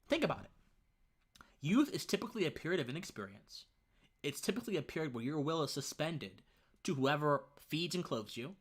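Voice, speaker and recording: A young man hosting his own casual opinion livestream, with a fairly high voice that rises and falls a lot. He talks in a rambling, conversational way, stumbles over words and keeps restarting his sentences. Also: a little fast, husky. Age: young adult. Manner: lively and conversational, says man often. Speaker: livestream host.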